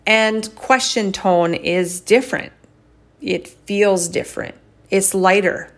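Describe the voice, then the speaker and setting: A woman chiropractor hosting a casual solo podcast, talking frankly and swinging her pitch up and down to demonstrate different tones of voice. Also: takes it slowly.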